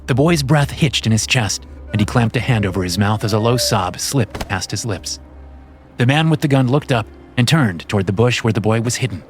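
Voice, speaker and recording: A man narrating a horror story in a measured, steady scripted reading. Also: mid-range voice.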